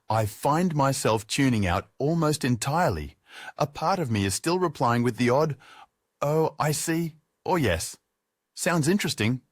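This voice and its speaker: A man's voice: mid-range voice, no room sound, clean studio sound. A man narrating his own audiobook in the first person, sardonic and freely profane.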